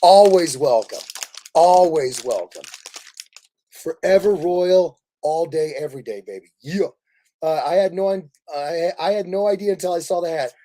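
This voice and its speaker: Livestream host, male, a little higher-pitched, excitable rambling storyteller chatting with viewers. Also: brisk. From Kansas City, Missouri. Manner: animated, laughing, rambling storyteller. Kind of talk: casual livestream chat.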